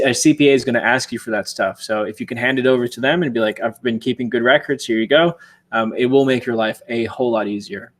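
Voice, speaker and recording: Young man, casual livestream co-host, laid-back advice, conversational, middle pitch. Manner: laid-back, answers viewer questions with advice.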